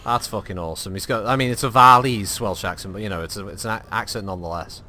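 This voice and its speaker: A man's voice: lowish voice, quick pace, pushed and bright, a little hiss or hum. A man chatting and joking while streaming a game, with a lot of swearing. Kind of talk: live gameplay chat.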